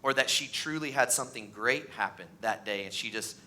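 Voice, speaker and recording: A pastor in his thirties preaching a sermon in a church, animated and acting out the voices of the people in his stories. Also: fairly quick, slight background noise. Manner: animated, acts out voices, pitch rises on mocking lines. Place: church sanctuary.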